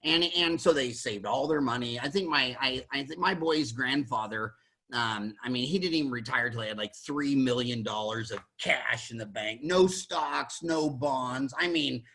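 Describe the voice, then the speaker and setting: A man in his sixties who hosts a podcast, telling stories in a casual chat, animated, stumbling into restarts and acting out the people he quotes. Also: medium pitch. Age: 60s. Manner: animated storyteller, quick restarts, acts out quotes. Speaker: podcast host, dentist.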